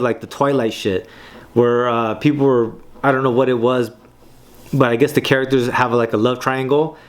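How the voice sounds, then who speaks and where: A man hosting a comic book reading, talking casually with slang and swearing, often checking in with "right?". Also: medium pitch. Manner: loose slangy talk, swears, keeps asking "right?". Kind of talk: casual commentary on comic panels.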